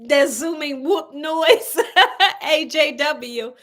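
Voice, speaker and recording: A woman hosting a cooking livestream, telling a story to her viewers in a lively, animated way and laughing often. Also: high-pitched, extremely slow. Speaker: cooking channel host on a livestream. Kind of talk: casual livestream chat with viewers.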